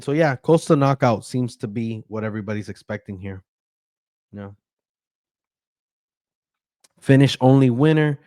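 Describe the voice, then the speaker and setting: A man's voice: medium pitch, darkish tone, dry recording. A man hosting a casual fight-betting breakdown, talking loosely with frequent ums and stumbling over fighters' names. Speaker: betting analyst host.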